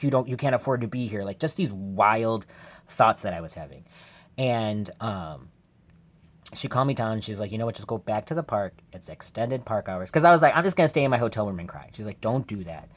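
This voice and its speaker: Man, casual storytelling vlog, rambling, lots of fillers, candid, emotional, somewhat low voice. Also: a little fast. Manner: rambling, heavy use of "like" fillers. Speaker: vlogger.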